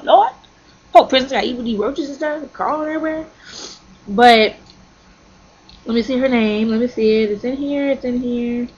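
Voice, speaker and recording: A young woman telling a work story as a sassy, animated rant, acting out quoted arguments loudly. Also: a little high, highs cut off.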